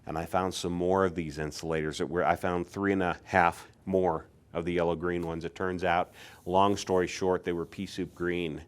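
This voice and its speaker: A man in his sixties from Pennsylvania, telling casual stories about collecting as a hobby in a lively way and acting out what other people said. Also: deep voice, moderate pace, clear, resonant tone. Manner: animated, acts out what others said, chuckles. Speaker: insulator collector. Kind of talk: casual storytelling.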